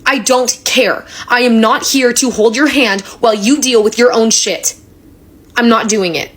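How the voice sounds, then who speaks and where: A young woman with a fairly high voice rants hard at the camera. She is blunt and fired up, and she swears freely. Her delivery is punchy and direct. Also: fairly even intonation, unhurried. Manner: fiery and emphatic, swears freely. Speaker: social media creator. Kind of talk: angry direct-to-camera rant.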